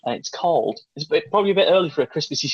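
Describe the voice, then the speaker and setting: A man's voice: fairly high pitch, expressive, very fast, breathy edge, dry recording, lo-fi sound. A man with a Lancashire accent chatting casually and rambling on enthusiastically over a video call. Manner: rambling, enthusiastic about beer. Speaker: guest panelist. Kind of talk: casual chat.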